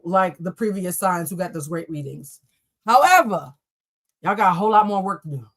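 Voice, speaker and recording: A woman reads tarot on a live stream. She is animated and blunt, and she talks straight to her viewers and swears freely. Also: lowish voice, normal speed. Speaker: tarot reader.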